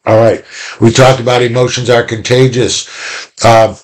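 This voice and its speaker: A man teaching viewers from home in a casual, animated way, acting out examples as he explains. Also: mid-range voice, moderate pace. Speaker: instructor. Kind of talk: recorded lecture to viewers.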